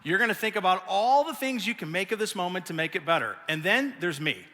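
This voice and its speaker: A middle-aged man giving a sermon as pastor, telling stories in an animated, self-mocking way. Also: high voice, fairly quick. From United States. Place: large church auditorium. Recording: long reverb of a church hall.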